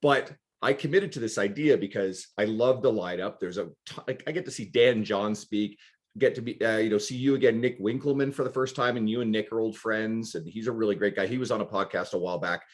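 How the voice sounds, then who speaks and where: A man hosting a podcast, chatting casually and quickly, with offhand swearing. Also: on the low side. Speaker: podcast host.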